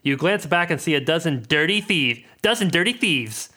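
A young man running a tabletop game, narrating with a bright, forceful voice. His pitch swings widely as he jokes his way through the story. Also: moderate pace. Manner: animated, joking narration. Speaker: game master.

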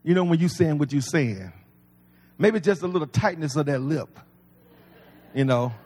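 A man's voice: on the high side, lively intonation, moderate pace, a little mellow. A man preaching a sermon as pastor, folksy and conversational with humor. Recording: long reverb of a large hall.

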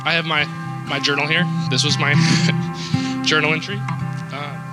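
A man shares his church testimony close to tears, his speech halting and full of fillers. His voice sits somewhat high, and loud plucked guitar plays right behind him throughout. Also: level tone, poor audio. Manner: emotional, halting, with many fillers. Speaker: church member giving testimony. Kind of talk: personal testimony. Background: loud guitar music.

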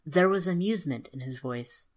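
A woman calmly narrating a fairy tale in an even storybook manner. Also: deep voice, normal speed.

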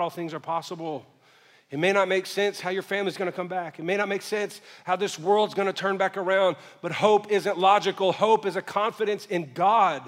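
A male pastor preaching a sermon, moving from quiet storytelling to shouted calls to the congregation. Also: high voice, in a large hall.

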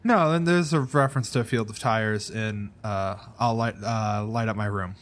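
A man's voice: fairly low pitch, moderate pace. A man co-hosting a podcast in casual chat, rambling and often restarting his sentences. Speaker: podcast co-host.

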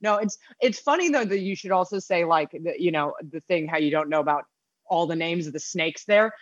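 Profane animated American woman, dull sound. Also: lowish voice, brisk, dry recording. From United States. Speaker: podcast guest. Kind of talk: casual storytelling chat. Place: apartment in London.

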